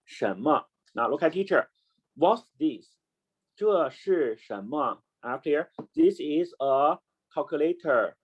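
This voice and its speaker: Slow-talking male online teacher. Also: a little high, sing-song, breathy edge, rough recording. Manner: slow, repeats words and spells them out, mixes in Chinese.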